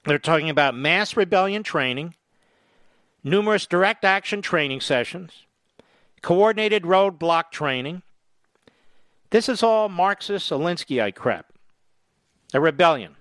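A man's voice: high-pitched, expressive, a little slow, pauses often, fairly bright tone, no room sound. Male talk radio host, pushy and emphatic, dry studio sound. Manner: combative, emphatic. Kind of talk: political talk radio monologue.

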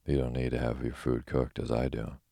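A man's voice: extremely low pitch, monotone, a little fast, creaky, dark tone, no echo, studio quality, full character voice. A man voicing Dorothy, an earnest little girl. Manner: earnest and polite.

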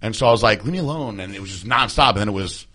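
A man's voice: on the low side, very fast, pushed and bright. A man hosting a podcast, telling a rambling, profane story in casual chat and breaking into laughter. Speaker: podcast host.

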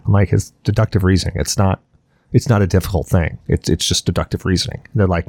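A man with a fairly low voice hosts a casual podcast, rambling through stories with plenty of swearing. His voice sounds dry and close, with no room sound around it. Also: fairly even intonation, fast, creaky, darkish tone, no room sound. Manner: rambling, profane storytelling. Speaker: podcast host.

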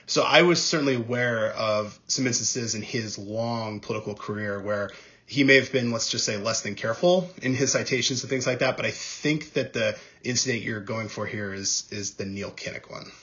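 A man speaking as a guest on an interview podcast, answering in a measured, thoughtful way with frequent ums and uhs. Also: mid-range voice, bright, forceful tone, dull audio. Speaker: podcast guest, former speechwriter. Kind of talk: conversational interview.

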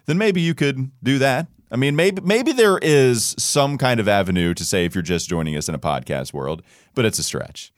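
A man co-hosting a sports podcast in a studio, chatting casually with an animated, jokey, self-deprecating manner. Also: mid-range voice, brisk, no echo. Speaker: podcast co-host.

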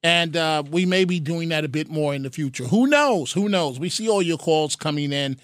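A man's voice: fairly high pitch, expressive, moderate pace, fairly bright tone, no room sound, studio quality. A man hosting a talk radio call-in show, earnest, often repeating his phrases and taking calls. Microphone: studio mic.

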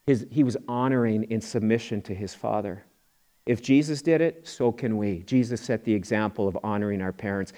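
A man's voice: mid-range voice, brisk, mellow. A middle-aged man preaching a sermon as pastor, in a conversational way, often repeating words and acting out quoted voices.

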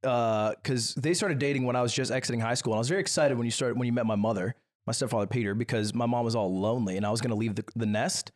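A man's voice: medium pitch, fast. A young adult man hosting a podcast in casual chat, teasing his guest and laughing often. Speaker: podcast host.

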